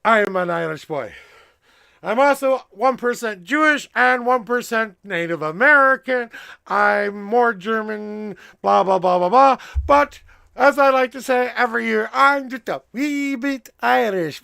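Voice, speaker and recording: A loud man rambles and jokes as he hosts a livestream from a room at home. His voice is high, bright and tense, with a gravelly edge and a crisp, smooth tone. The sound is dry and close. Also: lively intonation, takes it slowly, no room sound. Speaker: livestream tarot reader host. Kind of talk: casual livestream chat.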